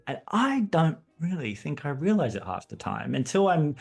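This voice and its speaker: Gravelly, animated man with laughs. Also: fairly high pitch, normal speed, faint music behind. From England. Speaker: guest. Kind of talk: casual interview chat.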